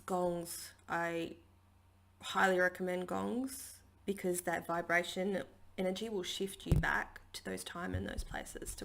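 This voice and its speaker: A woman with a lowish voice that keeps slipping into a gravelly fry. She talks through a spiritual healing message from home in a loose, chatty way that wanders off track, full of ums and likes. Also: a bit bright. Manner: chatty and rambling, with many fillers. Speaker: spiritual healer and channelling teacher. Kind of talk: casual spiritual guidance talk. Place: home, at a dining table.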